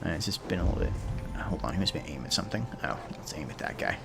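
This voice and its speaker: Deep-voiced man streaming a game. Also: lively intonation, very fast, gravelly, background noise. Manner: chatty, rambles into history asides. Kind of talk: casual gameplay commentary. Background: game music.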